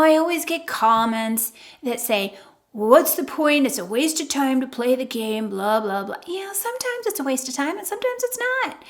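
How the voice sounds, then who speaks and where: An older woman hosting an advice video, talking bluntly and playfully straight to the viewer. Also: sits high. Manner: blunt, playful, acts out quoted lines. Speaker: YouTube advice host. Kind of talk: casual direct-to-camera advice.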